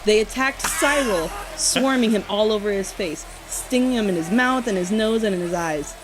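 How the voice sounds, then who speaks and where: A woman's voice: mid-range voice, moderate pace, low-quality recording. A woman co-hosting a podcast, reading a spooky campfire story aloud in a casual way and often breaking into giggles.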